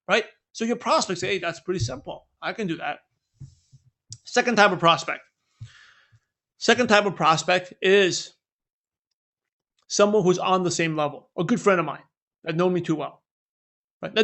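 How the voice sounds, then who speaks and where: Guy with a high voice teaching network marketing, chatty, keeps asking "right?". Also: fairly bright tone. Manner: conversational, repeats "right?" to check in. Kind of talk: training talk with role-played scripts.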